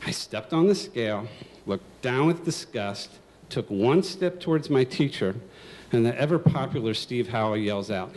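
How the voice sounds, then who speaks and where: Lively comic man telling a story. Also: medium pitch, normal speed. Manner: comic, lively, self-mocking. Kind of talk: live storytelling. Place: stage at a live storytelling event.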